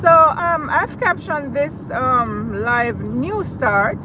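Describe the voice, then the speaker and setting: A woman's voice: high-pitched, animated, drawn-out words. A woman with a Jamaican accent hosting a casual live stream from her car, talking straight to her viewers. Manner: chatty, addresses viewers directly. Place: in a car while driving. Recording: car and road noise.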